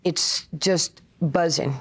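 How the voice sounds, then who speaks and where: A woman, telling stories in an interview. Her voice sits a little low, and she acts out what other people said. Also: slow pace, slightly rough. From Brooklyn, USA. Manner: animated, acts out quoted voices. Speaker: interview guest, former player and coach. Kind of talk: storytelling interview.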